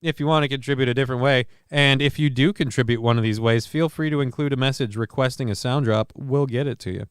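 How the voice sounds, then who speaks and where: A man with a medium-pitched voice talks fast with few pauses. He's hosting his own live stream, reading news items aloud and riffing on them in a rambling, profane, casual way.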